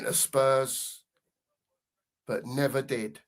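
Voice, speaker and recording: A man co-hosting a live football watchalong, giving casual commentary and reading out chat messages with plenty of banter. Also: fairly high pitch. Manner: banter-filled, drawn-out emphasis on goal calls.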